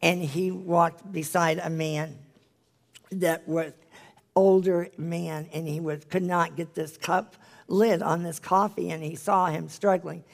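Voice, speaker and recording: An earnest Bible study leader teaching and praying in a live-streamed session, pleading with listeners and dropping to a hushed near-whisper at emotional moments. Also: medium pitch, steady tone, takes it slowly, vocal fry.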